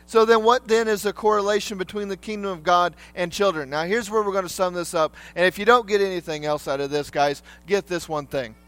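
A man with a fairly high voice preaches a sermon, talking to his listeners as if in conversation. He often checks in with them through quick questions. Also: steady tone, a bit bright, dry recording.

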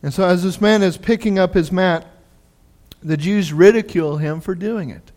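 Brief: male pastor, conversational sermon delivery, high-pitched. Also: normal speed. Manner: conversational, animated storytelling. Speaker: preacher.

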